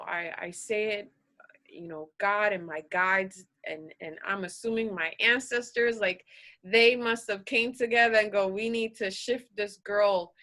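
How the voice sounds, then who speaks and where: A woman guest on a podcast, telling her personal story in an earnest, halting way, emotional and close to tears. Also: mid-range voice. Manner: earnest, halting, with restarts and soft laughs.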